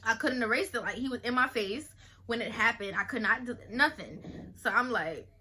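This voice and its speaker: A young woman vlogger telling a casual storytime, animated and slangy, acting out the people she quotes. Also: on the high side, moderate pace, slight background noise.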